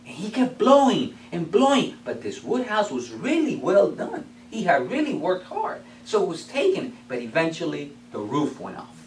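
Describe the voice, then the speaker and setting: A man tells a story to a club with animated, playful energy. His voice sits high and moves a lot. He is picked up from far off in an echoing meeting room with a faint hum. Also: normal speed, hardly any pauses. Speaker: club speaker. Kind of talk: storytelling speech.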